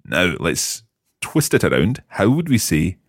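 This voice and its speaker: A male teacher with a low, slightly husky voice that rises and falls with lively pitch as he leads a lesson. He questions his students patiently and praises them often. The sound is close and dry. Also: a little slow, dry recording. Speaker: language teacher. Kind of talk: guiding a language lesson.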